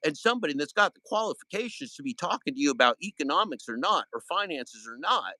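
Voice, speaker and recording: A man's voice: fairly high pitch, sing-song, fast talker, bright, forceful tone, no echo, low-quality recording. A man hosting a livestream, ranting in anger and confronting someone with swearing and loose dialect grammar. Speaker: livestream host. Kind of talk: heated livestream rant.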